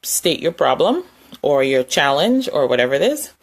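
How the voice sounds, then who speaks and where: A woman's voice: deep voice, sing-song, normal speed. A woman giving a casual, conversational lesson, demonstrating tapping points with her hands and chuckling now and then. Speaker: wellness instructor. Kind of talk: casual instructional talk.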